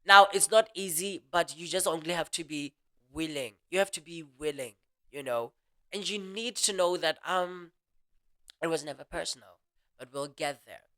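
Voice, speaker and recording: A speaker hosting a motivational audio talk in a casual, earnest monologue, talking quickly and restarting sentences often. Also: mid-range voice. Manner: quick, animated speech with frequent restarts; earnest and reflective.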